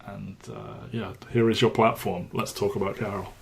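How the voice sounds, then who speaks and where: A man's voice: fairly low pitch, level tone, moderate pace, gravelly. A man co-hosting a podcast, talking casually about films with many restarts and fillers. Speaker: podcast co-host. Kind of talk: casual film discussion.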